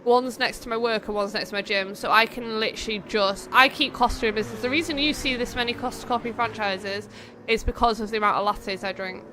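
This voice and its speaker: Bright, high-voiced chatty woman. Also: fairly quick, slight background noise. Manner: chatty, playful, excitable during close racing. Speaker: race host and commentator. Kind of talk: live-stream race commentary and chat.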